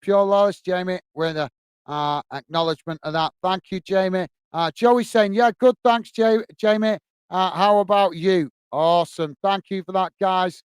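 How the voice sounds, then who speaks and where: This football fan channel host has a high-pitched, steady, clean voice at normal speed, with no room sound. He's upbeat on his live stream, reading out viewer comments and thanking everyone over and over.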